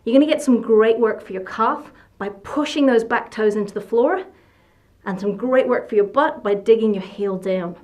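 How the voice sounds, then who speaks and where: A woman's voice: a little high, normal speed, darkish tone. A woman leading a workout as fitness instructor, giving short encouraging coaching cues.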